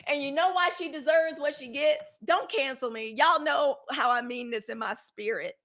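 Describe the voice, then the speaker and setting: A woman's voice: sits high, normal speed, a bit bright. A woman hosting a daily live news show, talking casually and bluntly to her viewers, chatty and outspoken with frank, profane rants. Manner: chatty, outspoken, addresses viewers as y'all and girl. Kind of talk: casual live-stream commentary.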